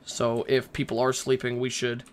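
A man's voice: mid-range voice, monotone, moderate pace, background noise. A young man playing a horror game and commenting, nervous and rambling, swearing and talking back to the characters. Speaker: gaming YouTuber.

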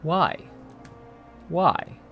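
A man hosting a livestream alone, chatting casually, animated and swearing. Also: extremely slow, muffled recording, faint music behind. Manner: animated, swears, laughs often. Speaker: streamer host.

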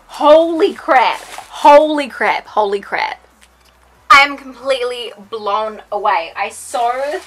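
A young woman talking into a camera mic in her bedroom, gasping and gushing over each item. Her voice is bright and fairly high, with a faint hiss behind it. She fills the vlog with repeated excited exclamations. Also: rough recording. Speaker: beauty vlogger.

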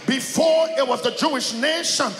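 A man preaching a sermon to a church congregation, calling for responses and often breaking into shouted, chanted lines. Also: extremely high pitch, normal speed, over music. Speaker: pastor. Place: large church sanctuary. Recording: echoey church hall.

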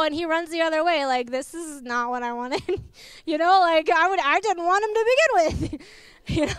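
Young woman preacher with a high voice, dry close-miked sound, lively and personal. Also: moderate pace, no echo. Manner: lively and personal, tells stories with laughs and asides. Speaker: guest preacher. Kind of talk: sermon.

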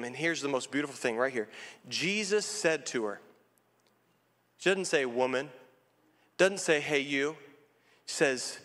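A man's voice: a little high, lively intonation, unhurried, long pauses, a bit bright. A male pastor preaching a sermon, pleading and building with passion. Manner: impassioned, rising to a plea. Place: church sanctuary. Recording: church hall with long reverb.

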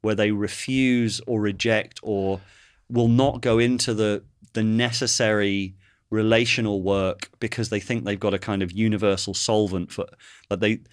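A male host reasons aloud in a thoughtful way, often pausing to find the right word. His voice is on the low side. The recording sounds close and dry. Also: steady tone, dry recording. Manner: thoughtful, searching for words. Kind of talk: casual conversational interview.

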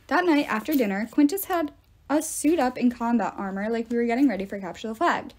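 A woman reading a novel aloud in a steady storytelling manner. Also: a little high. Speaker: reader.

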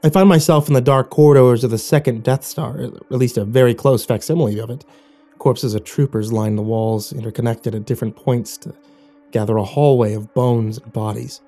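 A man reads a first-person horror tale in a hushed, measured way, his voice dark and mellow. Faint music sits quietly behind the narration. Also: medium pitch, steady tone.

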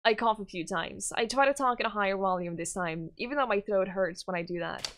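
A young woman gaming streamer reading a story game aloud, breaking into excitable, squealing reactions. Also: medium pitch, fairly quick, a little hiss or hum.

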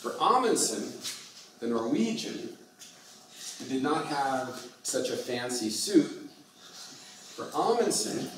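A man giving a university lecture, speaking slowly and often mixing in halting Russian with many fillers. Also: medium pitch, a little hiss or hum. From United States. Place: lecture hall. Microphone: far from the mic. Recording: distant echoey lecture hall.

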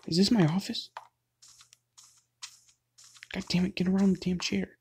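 A gaming host in the middle of a let's play, voice sitting at an ordinary middle pitch. The talk is casual and addressed to viewers, breaking into startled, loud, profane outbursts. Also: normal speed, creaky, long pauses, slight background noise. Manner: excitable, loud outbursts, frequent swearing; talks straight to viewers.

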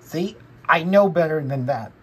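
A woman's voice: deep voice, animated, unhurried, husky, heavily acted. A woman voicing a cross cartoon boy who scolds bugs in a fan dub over film clips, bossy and repetitive with little hums between words.

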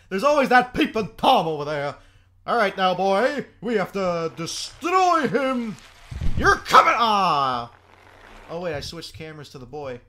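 Lively high-voiced male gamer, noisy recording. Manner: excitable, swearing, laughing often. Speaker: gameplay commentator. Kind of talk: let's play commentary.

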